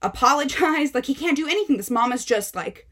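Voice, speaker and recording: A young woman book vlogger retelling a story in a casual, animated, exasperated way with many fillers. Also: high voice, fairly quick.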